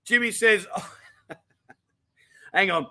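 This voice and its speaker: A high-pitched man chatting on a casual livestream. His voice is bright and forward as he rattles through viewer comments, friendly and full of slang. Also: very slow, creaky. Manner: chatty and animated, full of mate and diamond geezer slang. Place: home in Thailand.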